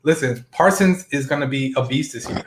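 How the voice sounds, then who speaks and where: A man's voice: medium pitch, brisk, reverberant, slight background noise. A man appearing as a guest on a casual sports podcast, chatty and often checking that the listener agrees.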